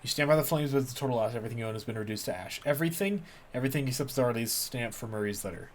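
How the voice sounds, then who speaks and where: A man's voice: lowish voice, very fast, slight background noise. A man doing casual game commentary, reading the on-screen text aloud with a joking manner. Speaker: gamer.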